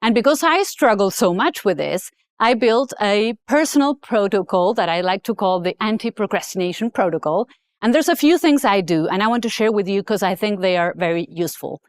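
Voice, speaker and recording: A woman author giving a motivational talk, telling a personal story in an emphatic, animated way. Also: medium pitch, brisk, no echo. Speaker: author and speaker.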